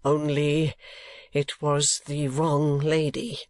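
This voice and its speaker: A man reading an audiobook, voicing an earnest, insistent young gentleman in close to his own voice. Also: fairly high pitch, monotone, slow, no echo.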